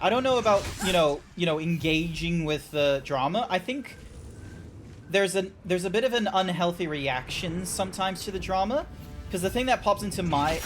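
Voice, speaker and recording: Music plays in the background as a man with a high-pitched, fairly bright voice rambles through casual talk while gaming on stream, repeatedly restarting and filling gaps with filler words.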